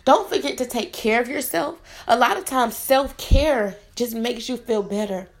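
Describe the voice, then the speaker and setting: A woman's voice: a little high, moderate pace. A woman in her thirties hosting her own podcast, talking earnestly and from the heart to encourage her listeners. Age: 30s. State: tearful at times. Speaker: podcast host. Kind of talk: motivational solo podcast talk.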